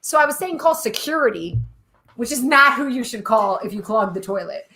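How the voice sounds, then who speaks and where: Bright, lively young woman, high voice, swoops all over, storytelling in a casual live chat. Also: normal speed. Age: young adult. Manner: animated storyteller, shrieks and laughs often. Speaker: co-host.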